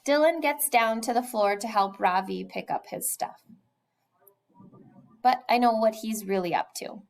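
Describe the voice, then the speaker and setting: Gravelly woman reading a story aloud. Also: on the high side, measured pace, low-quality recording. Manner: expressive storytelling, drops to a whisper at times. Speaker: reader. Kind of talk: reading a children's novel aloud.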